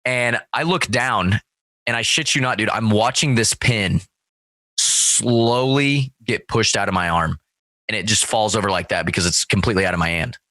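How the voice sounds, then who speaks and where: A man talks casually, telling a story peppered with swearing and with "dude" and "bro" at the ends of his lines. His voice is bright, with a crisp edge. The sound is dry and close, with no room echo. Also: lowish voice, moderate pace. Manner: profane, storytelling, acts out quoted voices loudly. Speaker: guest. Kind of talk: casual chat.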